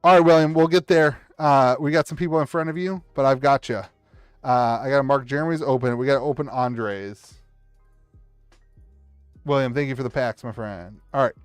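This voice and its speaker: A man opening card packs on a live stream at his home table setup cheers and shouts excitedly over big pulls, rambling and restarting sentences often. His medium-pitched voice is clear and resonant, at normal speed. The recording is dry, with faint music behind.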